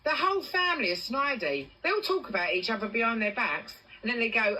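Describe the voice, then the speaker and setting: Husky, bright-voiced English woman swearing freely. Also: fairly high pitch, a little fast, hardly any pauses, low-quality recording. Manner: swearing, animated storytelling. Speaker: TikTok livestreamer. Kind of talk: casual livestream chat.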